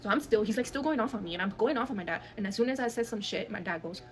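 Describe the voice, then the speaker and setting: A woman's voice: medium pitch, expressive, very fast, a little hiss or hum. A woman, telling a dramatic personal story in a blunt, heavily cursing manner. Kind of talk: casual storytime monologue.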